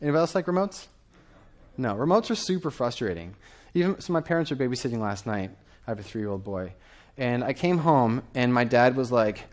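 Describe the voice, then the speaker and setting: Guy in his 30s giving a conference talk, upbeat, keeps asking the crowd stuff, pitch middle of the road. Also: fast talker. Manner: lively, quizzes the audience. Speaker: conference speaker. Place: conference stage before an audience.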